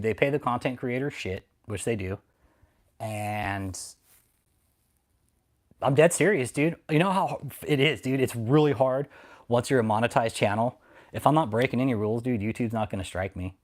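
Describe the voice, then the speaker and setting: Guy ranting on his livestream, swears a ton, mocks trolls in chat, kinda low voice. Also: a little mellow. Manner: profane, mocking, confrontational. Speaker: livestream host. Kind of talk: casual livestream rant.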